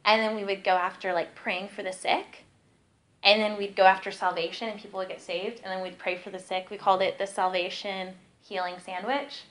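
A young woman teaches a church group in a relaxed, chatty way. She strings her stories together with lots of "like" and keeps her voice at an ordinary middle pitch. It sounds like easy, unscripted talk rather than a polished sermon. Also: fairly quick, rough recording. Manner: chatty, peppered with "like", lively storytelling. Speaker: ministry teacher.

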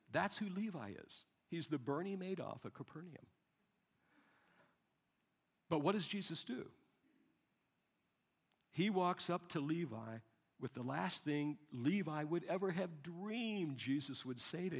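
A man's voice: fairly high pitch, breathy edge. A man preaching a sermon in a conversational way, with asides and emphatic repetition. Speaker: pastor.

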